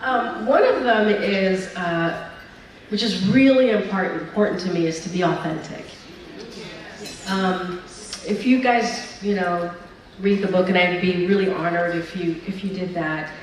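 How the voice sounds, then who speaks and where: A woman speaking as the featured guest at an event, telling stories in a lively, chatty way. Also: lowish voice, unhurried, slight background noise. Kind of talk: speech and onstage Q&A. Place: large event hall at a brunch. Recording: echoey hall, mic picked up from a distance.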